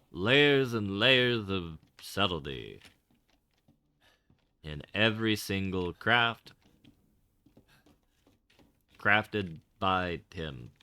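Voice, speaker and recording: Guy streaming a game, deep voice that swings up and down a lot, wry rambly commentary. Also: pushed and bright, no echo. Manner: rambling, wry and sarcastic asides; swears casually. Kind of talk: casual gaming livestream commentary.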